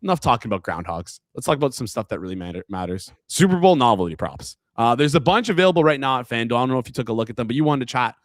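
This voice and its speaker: A young man from Canada hosting a casual sports betting podcast, playful and quick to laugh, his pitch jumping up when he gets excited. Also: no echo, clean studio sound. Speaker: podcast host.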